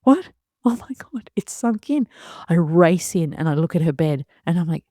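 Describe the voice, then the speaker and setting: A woman in her thirties, a mother and host, telling a story in a casual monologue, animated and laughing often as she acts out her own thoughts. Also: fairly low pitch, moderate pace, no room sound, studio quality.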